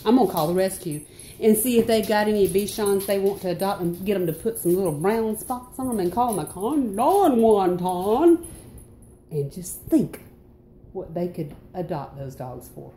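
A woman from North Carolina with a Southern accent, telling a story in a casual vlog and ranting with loud exclamations. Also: moderate pace, faint music behind. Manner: animated, exclamatory, swings into high outbursts. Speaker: vlogger.

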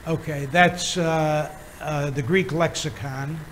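A man teaching a Bible lesson as a pastor, pausing often with fillers while he explains words. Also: a little high, steady tone, fairly bright tone, slight background noise, low-quality recording. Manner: halting, many filler pauses, chuckles while teaching.

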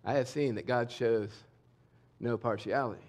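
A middle-aged male pastor preaching a sermon in a candid, conversational way, swinging between emphatic and hushed lines. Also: medium pitch, normal speed. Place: church sanctuary.

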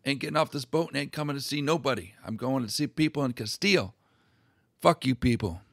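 A brash, swearing sea captain, as a man puts him on refuses to budge in rough street slang. The voice sits in an ordinary male middle register. The sound is dry and close. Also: medium pitch, expressive, brisk, no echo. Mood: defiant. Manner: profane, street-slang bravado. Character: defiant, foul-mouthed male ship captain.

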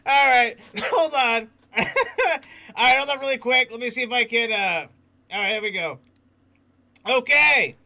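High-pitched gravelly livestream host. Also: male voice, animated, a little slow, long pauses, sharp tone. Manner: laughs often, reads chat aloud. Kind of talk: casual livestream chat.

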